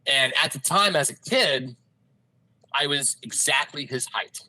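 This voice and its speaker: A man telling a casual story as a podcast guest, animated, with many halting restarts. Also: mid-range voice, dry recording, rough recording. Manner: animated, acts out voices in quotes, halting restarts.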